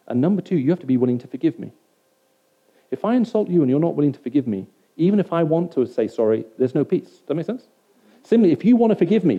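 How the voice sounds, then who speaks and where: A man's voice: a little high, vocal fry. A man preaching to a hall audience, talking conversationally and often asking them whether it makes sense. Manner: conversational, keeps checking in with the audience. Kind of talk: sermon to a live audience. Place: hall with an audience of about a hundred. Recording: dull lo-fi recording.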